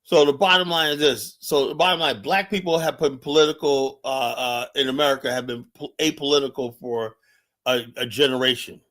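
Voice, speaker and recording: A man's voice: mid-range voice, brisk, a bit bright. A man hosting a livestream, delivering a heated political monologue. He is combative and profane and often repeats phrases while challenging viewers directly. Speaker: livestream host.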